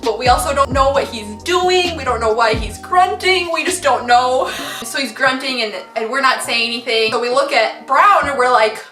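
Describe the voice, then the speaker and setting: Bright, giggly young woman telling a story. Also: high-pitched, lively intonation, normal speed, reverberant, recorded from a distance, soft background music. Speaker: vlogger. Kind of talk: storytime vlog.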